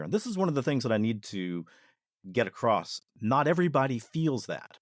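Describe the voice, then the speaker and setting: A man, a podcast guest and former ER nurse, telling a paranormal experience in an earnest, deliberate way that takes its time. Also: medium pitch, big pitch swings, no room sound, studio quality.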